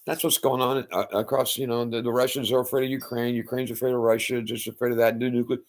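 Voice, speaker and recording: A man retelling an old story in casual, animated talk, with loud sound-effect outbursts and blunt profanity. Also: mid-range voice, quick pace. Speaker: self-styled faith speaker.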